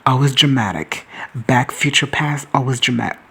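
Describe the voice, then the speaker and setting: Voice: medium pitch, expressive, normal speed, vocal fry, sharp tone, husky, low-quality recording. A commentator giving a casual, rambling, profane and joking recap of a TV episode.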